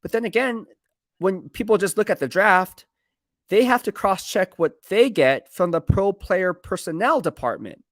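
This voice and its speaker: A man's voice: high-pitched, animated, moderate pace, no echo, clean studio sound. A man, a sports beat writer, talking through team moves on a casual live stream in a rambling, conversational way and reading viewer comments aloud. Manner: rambling, conversational, self-correcting.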